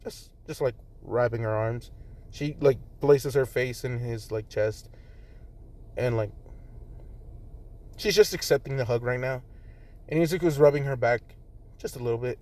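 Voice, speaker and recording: A man's voice: medium pitch, a little slow, pauses often, a little mellow. A man improvising a fan story in a rambling, casual way, full of fillers, recorded on a phone.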